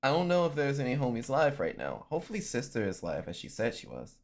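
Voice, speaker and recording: A man chats loosely to his stream, his pitch bouncing up and down as he goes. He swears freely and keeps breaking into laughter. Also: fast, gravelly. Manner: animated and swearing, laughs often. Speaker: livestreamer. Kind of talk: casual stream chat.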